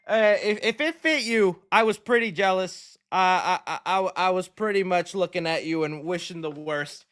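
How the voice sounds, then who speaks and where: A young man hosting a casual movie chat show, excitable and jokey, rambling as he goes. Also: high voice, moderate pace. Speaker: show host.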